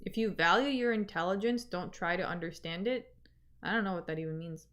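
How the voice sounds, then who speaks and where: A woman's voice: on the low side, a little fast, fairly bright tone. A young woman with a Canadian accent, chatting casually with viewers as a livestream host and reading their comments aloud.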